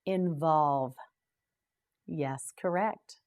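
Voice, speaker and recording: Slow, clear woman teaching vocabulary. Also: low-pitched, darkish tone. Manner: slow, clear drilling of words. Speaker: English teacher and host. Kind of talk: scripted vocabulary lesson.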